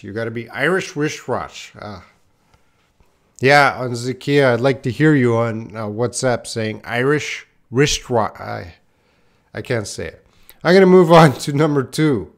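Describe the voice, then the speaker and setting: Male English teacher, live-stream lesson, unhurried delivery, mid-range voice, relaxed and self-mocking. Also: mid-range voice. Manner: casual, self-deprecating, addresses viewers by chat names.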